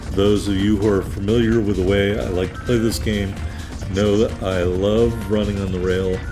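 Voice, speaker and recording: Low-voiced man rambling through game commentary. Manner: rambling, many ums, self-deprecating asides. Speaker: let's play host.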